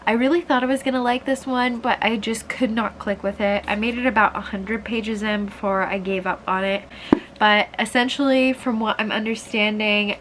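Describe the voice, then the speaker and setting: A young woman reviews her month of reading in a relaxed, chatty vlog, her voice congested and a little stuffy. She talks with easy enthusiasm, dropping in plenty of "like"s, at a middle pitch. A faint hiss sits under the recording. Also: rough recording. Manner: chatty, enthusiastic, uses fillers like "like". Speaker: book vlogger. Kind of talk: casual book review vlog.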